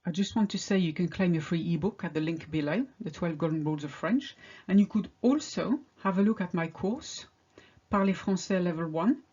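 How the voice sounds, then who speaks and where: A woman teaching a pronunciation lesson, drilling example words one at a time with slow, careful delivery. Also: on the low side, mellow, husky, highs cut off. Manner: slow, deliberate word-by-word drilling. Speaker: French teacher.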